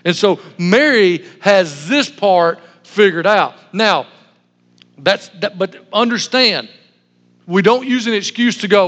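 A man's voice: high voice, expressive, a little slow, a bit bright. A man pastor giving a sermon, telling stories in a humorous, self-deprecating way. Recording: long hall reverb.

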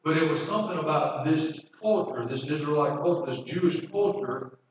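Delivering a sermon, this pastor speaks at a normal speed in a fairly high pitch, reading scripture and then talking it through conversationally while frequently repeating himself. Slight background noise sits under a dull, echoey recording from a distant mic.

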